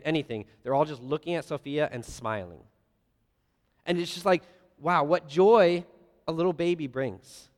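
A man preaching a sermon, earnest, swinging between loud emphasis and soft, quiet lines. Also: mid-range voice, clean tone. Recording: long reverb of a large hall.

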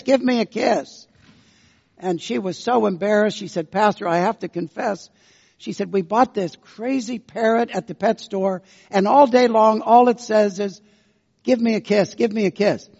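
A man preaching a sermon as pastor, telling folksy, unhurried stories. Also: sits high, darkish tone. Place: church sanctuary. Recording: dull lo-fi sound with long church reverb.

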